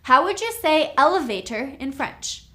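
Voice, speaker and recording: A woman teaching a recorded language lesson, drilling words slowly and checking in with "okay?". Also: sits high, very animated, sharp tone. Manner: slow, clear drilling of words with frequent "okay?". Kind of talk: recorded lecture.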